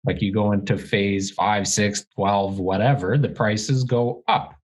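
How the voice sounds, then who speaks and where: A man's voice: lowish voice, fairly even intonation, a little slow, rough recording. Heated, ranting man on a podcast. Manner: heated, ranting, blunt and profane. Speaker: real estate agent and podcast co-host. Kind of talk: casual podcast chat. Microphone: studio podcast microphone.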